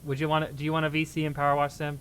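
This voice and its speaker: Male streamer, slightly high voice, excitable, playful banter with chat. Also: very fast, slight background noise. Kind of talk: casual live-stream chat.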